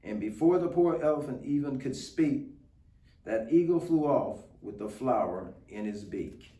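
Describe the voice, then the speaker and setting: Slow expressive man reading aloud. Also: medium pitch. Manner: unhurried, expressive storytelling. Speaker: guest reader. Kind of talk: reading a picture book aloud. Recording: roomy, distant mic.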